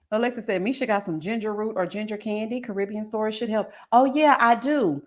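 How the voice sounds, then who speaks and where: A woman in her forties hosting a live stream, chatting casually with her viewers and reading their comments aloud, sassy and animated, laughing often. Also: medium pitch, fairly quick, hardly any pauses. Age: 40s. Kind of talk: casual chat.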